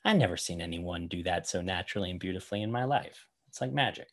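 A man's voice: sits low, animated, fast. A man hosting a casual chat about magic videos, enthusiastic and rambling. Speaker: host.

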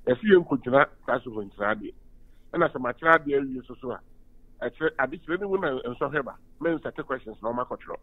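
A man's voice: medium pitch, expressive, brisk. A Ghanaian university lecturer and union official giving an emphatic phone-in radio interview, switching between Twi and English. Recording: tinny phone line.

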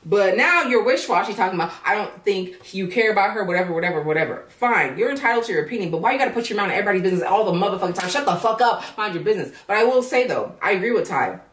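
A woman tears into a reality show in a blunt, profane, animated rant, swearing freely. She sits back from the mic, and the room echoes around her. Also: mid-range voice, rapid-fire, few pauses, recorded from a distance. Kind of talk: casual rant.

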